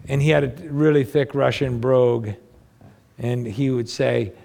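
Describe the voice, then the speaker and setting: A man's voice: mid-range voice, fairly even intonation, measured pace, gravelly, dark tone. A man preaching a sermon, reading scripture and asking his listeners earnest rhetorical questions. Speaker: pastor.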